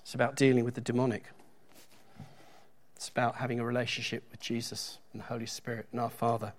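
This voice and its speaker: A man's voice: mid-range voice, level tone, fast talker. A middle-aged man preaching a sermon in a church, talking conversationally with joking asides and reading scripture aloud with emphasis.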